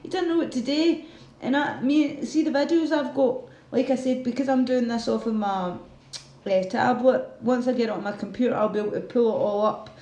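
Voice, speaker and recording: A woman's voice: on the high side, brisk, mellow, reverberant. A woman hosting a casual livestream, ranting heatedly with a lot of swearing and reading out viewer comments. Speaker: livestream host.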